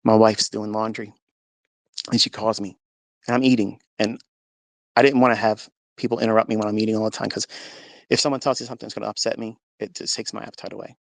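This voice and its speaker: A man's voice: on the low side, level tone, fast talker, gravelly, no room sound. A man earnestly telling a personal story in a live audio room, acting out what people said with rising intensity. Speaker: host.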